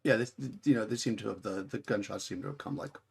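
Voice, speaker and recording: A man's voice: fairly low pitch, fast talker, creaky, breathy edge. A man narrating as game master of a tabletop game, talking in a rambling way with many restarts.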